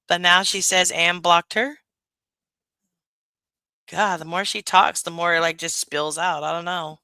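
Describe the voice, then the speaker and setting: A woman's voice: lowish voice, a little slow, no room sound. A woman hosting a casual reaction commentary, talking bluntly with plenty of swearing. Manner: blunt, profane, laughing, animated. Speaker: commentary channel host.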